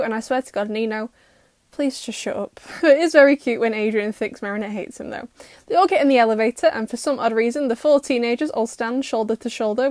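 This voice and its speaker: A young woman with a somewhat high voice talks through a cartoon episode with sarcastic, exasperated humour. Her delivery is dry and close to the mic, with no room sound. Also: a little mellow, no echo. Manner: sarcastic, exasperated roasting with mock quotes. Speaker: YouTuber reacting to a cartoon. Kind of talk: comedic episode recap.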